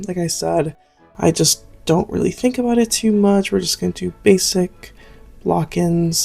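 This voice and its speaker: A woman's voice: on the low side, creaky, warm tone. A young Canadian woman, an artist from Southern Ontario, talking through her drawing process in a rambling, self-deprecating, chatty way. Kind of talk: chatty draw-along tutorial.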